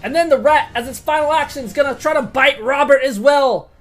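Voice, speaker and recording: A woman running a tabletop game as game master, excitable and swearing, swinging from quiet to loud. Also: sits high, brisk, soft background music.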